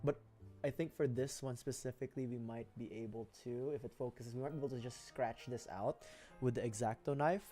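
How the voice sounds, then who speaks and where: A man's voice: mid-range voice, steady tone, brisk, warm tone, faint music behind. A young man from the Philippines chatting casually on a livestream while building a model kit, laughing often and repeating himself. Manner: giggly, rambling, repeats phrases.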